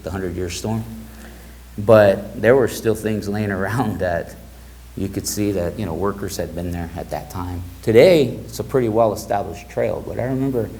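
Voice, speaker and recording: A middle-aged man speaking as a guest to a live audience, telling stories in a relaxed way and acting out the quoted dialogue. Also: fairly low pitch, rough recording. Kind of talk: storytelling talk to an audience.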